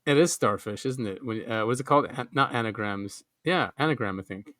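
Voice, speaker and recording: A man's voice: mid-range voice, a little fast, fairly bright tone, no room sound, clean studio sound. A man hosting a podcast, chatting in a jokey way and laughing often. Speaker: podcast host. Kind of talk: casual chat.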